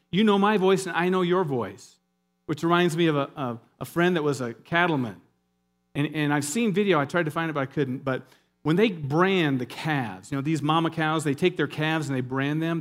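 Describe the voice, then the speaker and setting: A man preaching a sermon in a lively, conversational way, with asides and jokes to the congregation. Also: a little high. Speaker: pastor.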